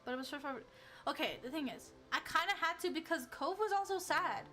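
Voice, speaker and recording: A woman's voice: high voice, animated, fairly quick, bright, forceful tone, faint music behind. A young woman streamer reading a story game aloud, chatting animatedly and giggling between lines.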